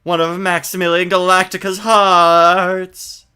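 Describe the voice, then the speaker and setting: Dude doing a smarmy show-off magician voice, high and theatrical, super bright. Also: male voice, little pitch movement, takes it slowly, smooth, heavily acted. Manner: theatrical, drawls "sweetie", showy. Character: flamboyant adult male stage magician, vain and smarmy.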